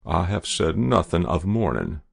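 A man's voice: deep voice, very animated, unhurried, creaky, husky, dry recording, clean studio sound, exaggerated voice. A man voicing a cold, impassive army general who gives curt orders in an audiobook reading.

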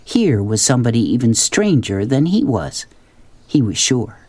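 A man's voice: medium pitch, big pitch swings, normal speed, a little mellow, dry recording. Man reading a storybook aloud, dry. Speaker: narrator.

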